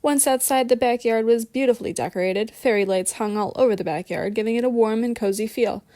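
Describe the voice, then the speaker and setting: A woman narrating an audiobook with steady, even reading. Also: fairly high pitch, a little fast, no room sound, studio quality.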